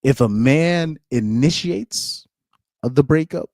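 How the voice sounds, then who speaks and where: A man's voice: a little high, expressive, slow, a little mellow, dry recording, clean studio sound. A man hosting his channel, giving casual live reaction commentary in an opinionated way and repeating phrases for emphasis. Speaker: channel host.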